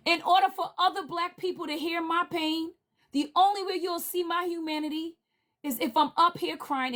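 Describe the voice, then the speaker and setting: A woman speaking on a livestream panel in a heated, indignant rant, repeating her demands forcefully. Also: extremely high pitch.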